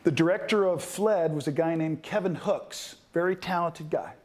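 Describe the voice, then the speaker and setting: Guy in his 50s, high-ish voice, animated storyteller talking to students. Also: moderate pace. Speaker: guest actor.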